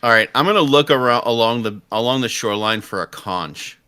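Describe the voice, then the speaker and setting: A man's voice: mid-range voice, a little fast, sharp tone, clean tone. A man playing a tabletop game who asks curious questions about the scene. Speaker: player.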